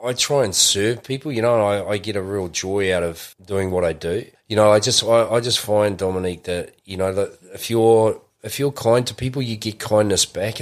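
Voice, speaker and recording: A middle-aged man, talking in a rambling way full of fillers and restarts in a casual interview. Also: sits low. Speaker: podcast guest.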